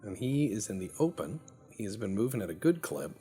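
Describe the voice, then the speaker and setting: Deep-voiced rambling gamer commentating. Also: male voice, sing-song, fairly quick, mellow, soft background music. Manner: rambling, jokey, repeats words. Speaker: game commentator. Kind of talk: casual let's play commentary.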